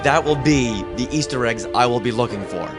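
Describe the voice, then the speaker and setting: Excitable man co-hosting a fan podcast. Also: medium pitch, fairly quick, loud music behind the voice. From United States. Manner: excitable, playful fan banter. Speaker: podcast co-host. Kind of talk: casual podcast chat.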